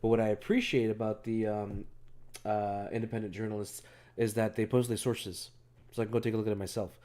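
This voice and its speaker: A man's voice: fairly low pitch, little pitch movement, fairly quick, mellow. A man co-hosting a casual chat, laid-back, laughing often and swearing casually. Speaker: co-host.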